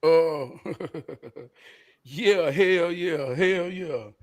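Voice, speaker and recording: Man, high-pitched voice, talk-show host, passionate, preachy, cussing. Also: extremely slow. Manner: impassioned, preacherly, profane. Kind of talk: casual talk-show conversation.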